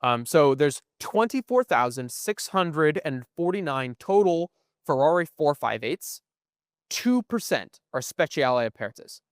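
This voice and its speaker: A young adult man co-hosting a podcast at a museum explains things at length in casual chat, often tossing in "right?". His voice is on the high side, sing-song and unhurried, captured with clean studio sound and no echo.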